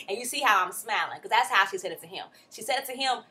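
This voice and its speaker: Animated, blunt woman recapping reality TV. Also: medium pitch, fast, few pauses, a little hiss or hum. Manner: animated, exasperated, slangy and blunt. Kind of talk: casual recap commentary.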